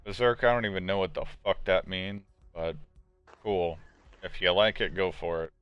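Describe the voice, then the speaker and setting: A man hosting a laid-back podcast, talking in a smooth, fairly low voice. He is blunt and swears freely. The recording is dry and dull, with faint music behind him. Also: steady tone, moderate pace, no echo. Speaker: podcast host answering viewer questions. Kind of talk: casual chat.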